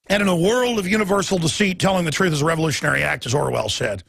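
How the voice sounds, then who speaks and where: A man hosting a radio talk show, delivering a heated, emphatic monologue that swings between loud and soft. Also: fairly high pitch, vocal fry, breathy edge, dry recording, clean studio sound. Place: radio studio.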